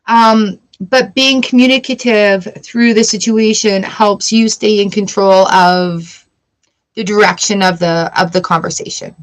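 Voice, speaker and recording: A woman's voice: mid-range voice, fairly even intonation, measured pace. A woman giving a casual live-stream tarot reading, chatty and blunt and swearing freely. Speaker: tarot reader.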